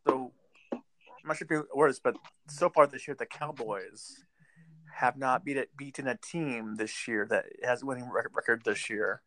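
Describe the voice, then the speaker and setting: A man's voice: medium pitch, normal speed, fairly bright tone. A man hosting a casual sports chat, making game picks in a chatty way with sarcastic asides. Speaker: podcast host making football picks.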